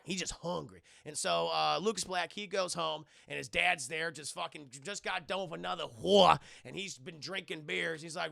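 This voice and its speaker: A young man streaming a casual, profane scene-by-scene movie recap, acting out characters in quick quoted bits and thanking his chat. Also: a little high, vocal fry, pushed and bright, no echo, clean studio sound. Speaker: movie reviewer streaming live.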